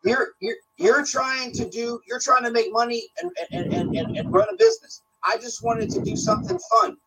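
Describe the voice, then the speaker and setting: A man's voice: very high voice, sing-song, moderate pace, fairly bright tone, slightly rough, poor audio. A man in his fifties calling in, hurt and defensive, arguing back with heavy swearing. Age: 50s. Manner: emotional, defensive, cursing. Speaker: caller. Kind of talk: heated on-air argument.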